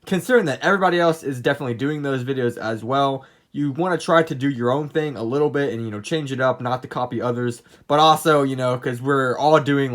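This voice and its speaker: Young man, casual tutorial, rambling with fillers, talking into a phone camera, middle pitch. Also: fairly bright tone. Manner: rambling, many fillers and restarts. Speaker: plush video creator giving channel tips.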